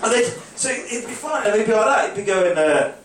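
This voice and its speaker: Man, stand-up storyteller, higher voice, caught on a phone from far back in a very echoey club. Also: lively intonation, a little fast. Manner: rambling storytelling, acts out drunk clubbers in shouted bursts. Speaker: stand-up comedian. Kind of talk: stand-up comedy set. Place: comedy club stage, live audience. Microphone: phone recording from the audience.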